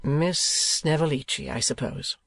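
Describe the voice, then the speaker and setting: A man reading a polite young gentleman. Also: on the high side, measured pace, vocal fry, no room sound, heavily acted.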